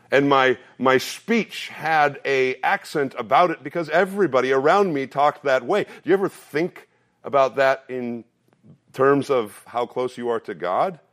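A pastor in his thirties preaches earnestly, repeating phrases as he builds each point. At times he relaxes into a storytelling tone, dropping to a low, conversational voice for a personal story.

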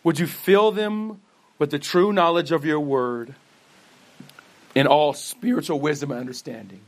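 A man's voice: on the high side, unhurried. A man preaching a sermon, earnest, posing questions and answering them himself, who says he stutters and often restarts words. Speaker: pastor.

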